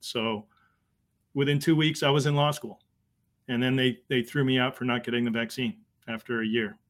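A man, telling a personal story as a guest, halting and emotional with many restarts. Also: medium pitch, steady tone. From Boston area. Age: 50s. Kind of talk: conversational storytelling.

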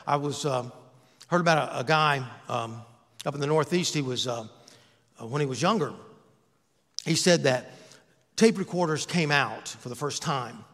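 Preaching a sermon in his own church, a pastor with a slightly high male voice talks to the congregation easily and conversationally, mixing in jokes and self-mocking asides. He's animated and a bit bright, speaking at a moderate pace with frequent pauses, while the sanctuary adds long, ringing reverb to every line.

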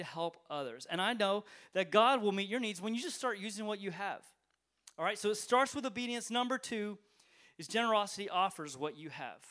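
High-voiced man preaching a sermon. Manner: conversational, talks straight to the congregation with rhetorical questions; swings between loud emphatic lines and quiet low ones. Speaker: pastor. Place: church service, streamed online.

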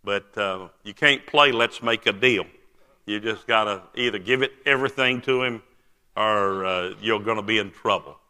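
An older man delivers a testimony sermon in a large church sanctuary, his sharp, very bright voice sitting lowish and smooth. He speaks earnestly, often pausing with "uh," and a long reverb carries his words through the hall.

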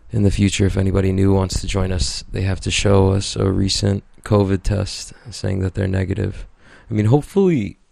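Deep gravelly man, rambling and profane. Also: dark tone, no room sound, clean studio sound. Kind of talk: casual storytelling chat.

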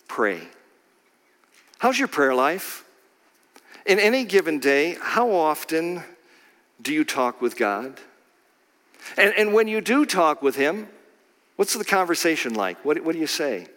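A man preaching a sermon, swinging from quiet low passages to slow, emphatic phrases and sudden loud cries. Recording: long hall reverb.

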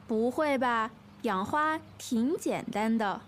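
Woman playing a cheerful garden owner, high lively voice, scripted lesson dialogue, faint noise. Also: takes it slowly. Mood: breezy. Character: cheerful woman proud of her tidy garden.

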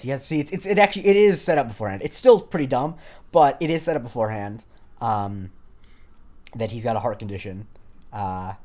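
A young man co-hosting a podcast chats casually in a lowish, mellow voice. He rambles, filling his speech with fillers and restarts.

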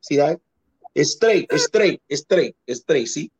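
A man's voice: a little high, lively intonation, a little slow, darkish tone, husky. A man voicing an insistent Dominican man who denies being black, speaking broken English mixed with Spanish in a Dominican accent. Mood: boastful. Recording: dull lo-fi sound.

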